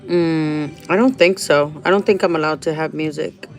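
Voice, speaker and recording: With faint music behind her, a woman vlogger speaks at a normal pace in a deep voice from a restaurant. Her casual chat rambles, with many restarts, frequent laughter and scattered Spanish phrases.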